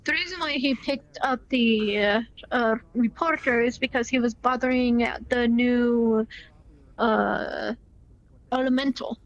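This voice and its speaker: A woman's voice: a little high, unhurried, dull audio. A woman in in-character roleplay chat who eagerly retells events and repeats herself. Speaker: roleplay player.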